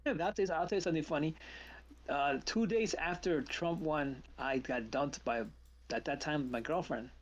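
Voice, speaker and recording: A man's voice: on the high side, normal speed, lo-fi sound. A man hosting a live trading stream, chatting casually and telling stories with acted-out quotes. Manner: animated storyteller, acts out quotes.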